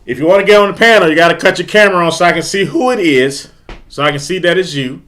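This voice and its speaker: A man's voice: on the high side, lively intonation, fast talker, a bit bright. A man hosting a casual live-stream sports talk, repeating himself in frustrated, emphatic bursts. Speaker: host of a fan live stream.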